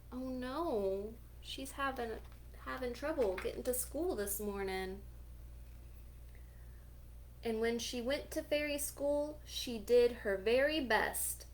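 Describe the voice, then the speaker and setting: A woman librarian reading a picture book aloud for children at storytime, animated, gasping and asking listeners questions. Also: fairly high pitch.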